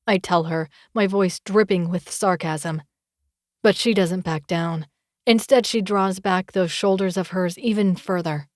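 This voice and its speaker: A woman narrating a romance audiobook in the first person, with an expressive, measured reading. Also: fairly low pitch, no room sound, clean studio sound.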